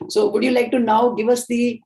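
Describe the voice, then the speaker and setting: A middle-aged woman with an Indian English accent, giving a training lecture in a measured, explanatory way. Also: a little high, little pitch movement, warm tone. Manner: explanatory, measured, acts out sample dialogues. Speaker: communication trainer.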